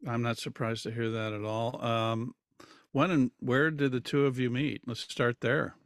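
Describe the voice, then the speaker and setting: A man's voice: medium pitch, fairly even intonation, moderate pace, no room sound. Man host, dry close sound. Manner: supportive, asks questions, short affirmations. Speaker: interview host. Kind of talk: conversational interview.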